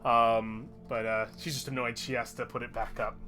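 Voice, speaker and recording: A man running a tabletop game as game master, easygoing and quick to laugh. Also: medium pitch, flat delivery, bright, forceful tone, soft background music. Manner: easygoing, laughs often, fillers.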